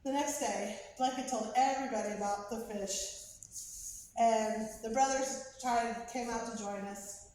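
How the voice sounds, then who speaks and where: A woman with a fairly high voice tells a prepared personal story about a day out with her son. She speaks in measured phrases with slow, emphatic pauses and picks up when the story gets exciting. The sound is very echoey, heard from a distance, with faint noise behind. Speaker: mother telling a family story.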